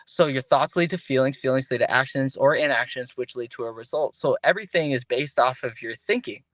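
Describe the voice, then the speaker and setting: On an interview podcast, a male guest speaks casually and with animation, often starting his sentences over and performing the voices of those he quotes. He talks a little fast at medium pitch, with no echo in the recording.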